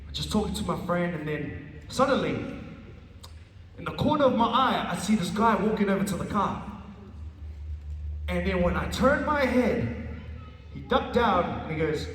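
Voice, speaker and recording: A man with a high-pitched voice tells his own story with earnest, stumbling restarts and repeated phrases. The sound is roomy, with a long hall reverb and the mic set well back from him. A faint hum of ambience sits underneath. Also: lively intonation, normal speed, pauses often, a bit bright. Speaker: speaker giving a personal testimony. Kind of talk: emotional testimony storytelling. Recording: echoey hall from a distant mic.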